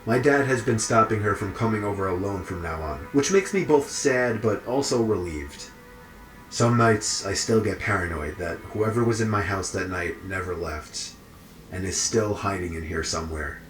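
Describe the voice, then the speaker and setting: Lowish guy reading a scary story, even pace, echoey, quiet music behind. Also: normal speed. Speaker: story narrator. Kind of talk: scripted horror story narration.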